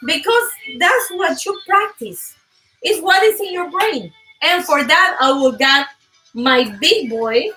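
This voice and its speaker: Bright high-voiced animated woman host. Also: slow pace, far from the mic, faint music behind, poor audio. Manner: animated, emphatic, laughs often. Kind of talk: live motivational talk show.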